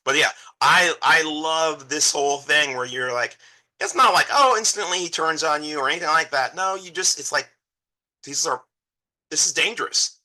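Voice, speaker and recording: A man talks about an old film in casual conversation, his voice very bright and forward. He drops into put-on voices for the people in the story and talks with lively, excitable energy. His pitch sits a touch above the usual. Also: normal speed, low-quality recording. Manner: animated, acts out characters with exaggerated voices. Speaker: podcast co-host.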